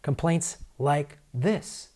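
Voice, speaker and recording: A man hosting a political commentary show, ranting angrily and sarcastically, mocking politicians and swinging from loud outbursts to low mutters. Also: extremely slow. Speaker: comedian and political commentator host.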